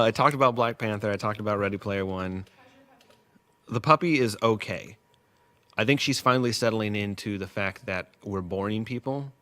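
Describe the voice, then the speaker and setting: A man's voice: on the low side, pushed and bright. A man rambling casually as host of a test livestream at work, joking and losing his train of thought. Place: workplace.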